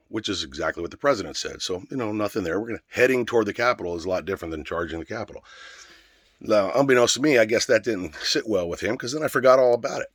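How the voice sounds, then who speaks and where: A man's voice: fairly low pitch, animated, fast talker, no echo, clean studio sound. A middle-aged man, out of breath, telling a story in a casual, rambling way that is full of swearing. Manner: profane, rambling, conversational.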